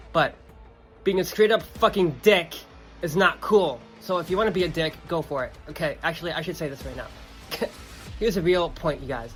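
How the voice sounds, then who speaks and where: Young guy podcasting, bright sharp voice, swears a lot, keeps saying okay, faint music behind. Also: on the high side. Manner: emphatic, profane, repeats "okay" and "you guys". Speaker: podcast host. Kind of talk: casual monologue.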